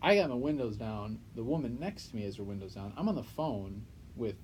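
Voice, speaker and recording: A young man co-hosting a podcast, chatting casually and telling stories with lots of swearing and loud acted-out quotes. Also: lowish voice, fairly quick, slight background noise, rough recording. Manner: animated storyteller, swears freely, acts out quotes loudly. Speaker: podcast co-host. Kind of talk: casual chat.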